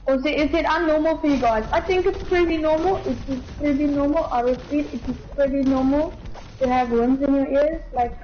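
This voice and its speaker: An Afrikaans-speaking woman chatters excitably through a game stream. Her voice sits high and bright in pitch. The recording is dull and lo-fi, with a faint hiss underneath. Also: a little fast. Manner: excitable, switches between Afrikaans and English. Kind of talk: casual gaming commentary.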